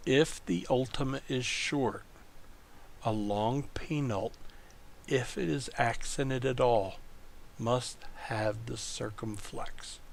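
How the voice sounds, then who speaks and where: Male lecturer, slow and deliberate, gravelly fry in the voice, walks through rules step by step. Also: mid-range voice, a little hiss or hum. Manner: slow, explaining step by step with rhetorical checks. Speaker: Greek teacher. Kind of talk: recorded lecture.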